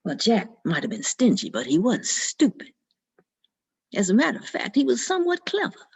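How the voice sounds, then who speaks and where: A woman telling a folk tale in an expressive, dramatic storytelling manner. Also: fairly high pitch, normal speed, vocal fry, breathy edge. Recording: dull lo-fi recording.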